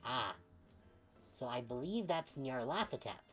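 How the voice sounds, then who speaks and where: Low-voiced playful woman game streamer. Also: expressive, measured pace, soft background music. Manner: playful, joking, laughs often. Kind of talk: casual let's-play commentary.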